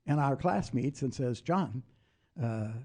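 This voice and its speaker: An older former congressman telling political stories in a casual interview, passionate and animated. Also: mid-range voice, takes it slowly. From United States. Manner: animated storyteller, raises voice in retold quotes. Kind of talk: anecdotal storytelling.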